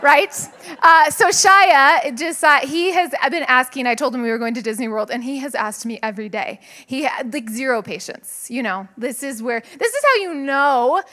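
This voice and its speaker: Woman pastor, chatty sermon voice, high and bright, laughs easily, preaching to a live congregation. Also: normal speed. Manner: chatty, laughs often, lively asides to the congregation. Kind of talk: conversational sermon with personal stories. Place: church sanctuary with a live congregation.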